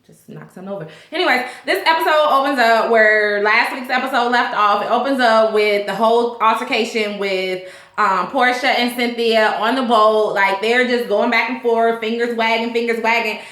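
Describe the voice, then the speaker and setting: A woman hosting a casual TV episode recap, talking in a profane, animated way and laughing often. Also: on the high side, normal speed. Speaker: host of a TV recap show. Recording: echoey room.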